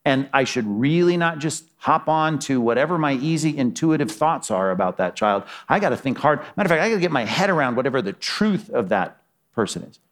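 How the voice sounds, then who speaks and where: A man preaching a sermon in a conversational way, asking rhetorical questions and letting his voice fall low for emphasis. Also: expressive, a little fast. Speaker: pastor.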